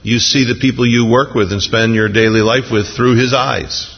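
A gravelly, slightly husky man preaches a sermon, animated and lively as he acts out quotes. The sound is dull and lo-fi, with a long reverb trailing off in a large hall. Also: normal speed. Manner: animated, jumps into high excited voices when acting out quotes. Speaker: pastor.

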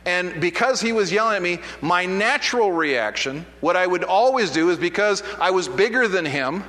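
Male pastor, high and bright, conversational sermon storytelling, long hall reverb. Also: expressive, moderate pace. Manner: conversational, self-deprecating storytelling with many restarts.

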